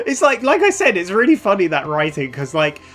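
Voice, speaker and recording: A woman's voice: medium pitch, very animated, normal speed, soft background music. A woman co-hosting a casual reaction chat, retelling scenes with quoted lines and laughing often. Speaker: reaction channel co-host.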